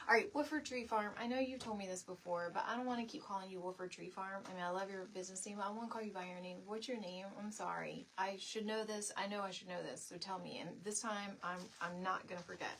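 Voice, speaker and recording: A woman's voice: mid-range voice, steady tone, fast, few pauses, fairly bright tone, a little hiss or hum. A middle-aged woman hosting a live home-decor stream, chatting in a rambling, friendly way and answering viewer comments as she works. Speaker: DIY live stream host. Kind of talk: casual chat while crafting on a live stream. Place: home craft space, indoors.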